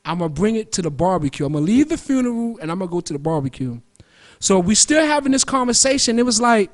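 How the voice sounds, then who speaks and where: A man's voice: high-pitched, big pitch swings, brisk. A man hosting a radio show, talking in a loose, profane, rambling monologue that jumps from topic to topic. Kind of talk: casual solo monologue.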